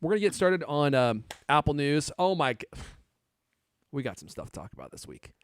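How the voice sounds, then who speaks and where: A man's voice: fairly high pitch, big pitch swings, normal speed, no room sound, studio quality. A man hosting a podcast, teasing his co-hosts and laughing often. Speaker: podcast host. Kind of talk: casual chat.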